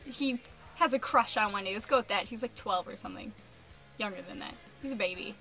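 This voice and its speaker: A young adult woman vlogging a casual rant, animated and exasperated, peppering her speech with "like.". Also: medium pitch, brisk, faint music behind.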